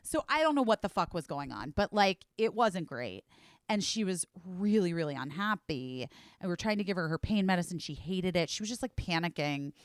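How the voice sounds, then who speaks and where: This podcast host, a woman in her forties, speaks briskly in a lowish voice as she chats through a meandering story, leaning heavily on "like" and dropping some curses. The sound is clean studio audio without any room tone.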